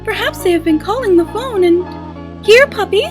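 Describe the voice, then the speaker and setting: A woman voicing a gentle, motherly goat-monster woman who speaks formally and politely while reading game dialogue aloud. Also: very high-pitched, animated, normal speed, music in the background, voice pushed up. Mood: calling sweetly. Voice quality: formal, soft-spoken, old-fashioned phrasing.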